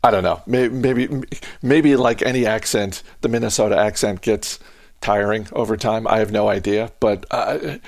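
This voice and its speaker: A man's voice: on the low side, fairly even intonation, normal speed, vocal fry, no room sound, clean studio sound. A man hosting a podcast, chatting casually and restarting his sentences often. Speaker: podcast host.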